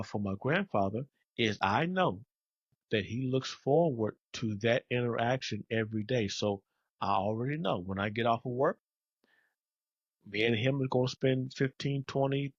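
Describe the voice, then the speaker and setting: A man's voice: mid-range voice, no echo, dull audio. A man hosting a podcast, talking in an earnest, reflective way and building his points in lists. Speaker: podcast host. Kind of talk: casual podcast conversation.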